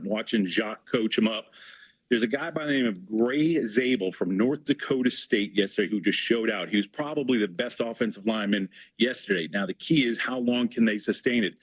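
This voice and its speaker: Husky guy chatting about football players, kinda rambly, dry sound. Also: mid-range voice, no room sound, poor audio. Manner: rambling, conversational.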